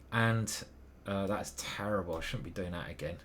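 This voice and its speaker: A man's voice: deep voice, moderate pace, hardly any pauses, fairly bright tone. A man thinking aloud as he plays online chess, muttering moves and questioning himself. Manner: muttering move by move, hesitant self-questioning. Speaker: chess grandmaster commentating his own games.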